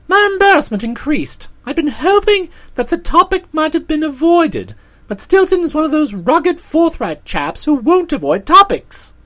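A woman narrating a comic story in an audiobook, with lively storytelling. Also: high-pitched, moderate pace.

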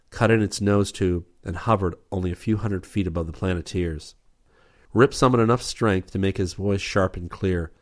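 A man narrating an adventure audiobook in a steady, measured reading. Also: deep voice.

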